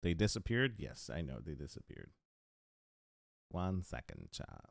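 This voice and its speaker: A man's voice: rumbling low, wildly swooping pitch, a little slow, vocal fry, dry recording, studio quality. A man running a tabletop game on a livestream, chatting casually with his viewers and narrating scenes. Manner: casual, chatty with stream chat. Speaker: game master.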